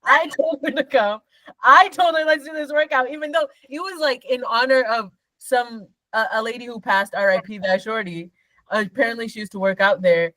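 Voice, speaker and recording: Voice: mid-range voice, moderate pace, sharp tone, dry recording, low-quality recording. Slangy joking podcast co-host. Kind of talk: casual chat.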